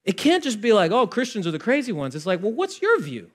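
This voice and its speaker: A fairly high-voiced young man preaching a chatty sermon. He talks like he is telling stories to friends, acting out both sides of conversations. His voice swings from loud, punchy emphasis to quiet, hushed asides. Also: huge pitch swings, quick pace. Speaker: pastor.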